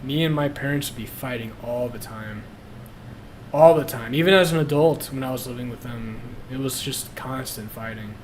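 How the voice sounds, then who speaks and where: A man's voice: medium pitch, normal speed. Young male streamer, blunt and profane, casual confessional talk, faint noise behind. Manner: blunt, profane, laughs at himself.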